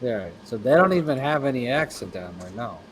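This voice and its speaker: Curious man with a lively voice. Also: mid-range voice, fairly quick, rough recording. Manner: curious, asks follow-up questions. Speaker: radio show co-host. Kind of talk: casual chat. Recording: faint background noise.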